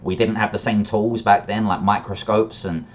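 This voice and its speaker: A man with a fairly low voice tells his own story in a relaxed monologue. He sounds reflective and candid, and he often repeats words as he restarts a thought. The recording sounds dull and lo-fi. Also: normal speed, slight background noise. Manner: reflective and candid, with frequent restarts and brief laughs. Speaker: storyteller sharing a personal conversion story.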